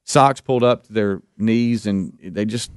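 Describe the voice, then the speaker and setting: A man hosting a live radio show, telling a story in an animated way, repeating words and acting out what people said. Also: lowish voice, a little slow, smooth. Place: radio studio.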